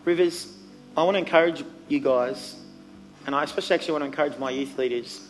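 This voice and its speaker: A man's voice: on the high side, quick pace, faint music behind, rough recording. A man preaching a sermon from a church stage as youth pastor, earnest and emphatic, with fillers between his points.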